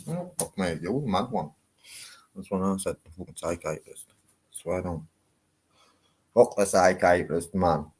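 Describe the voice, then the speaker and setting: A man's voice: sits low, lively intonation, moderate pace, long pauses, darkish tone, husky. A man, talking in a casual, rambling vlog, swearing freely. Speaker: vlogger.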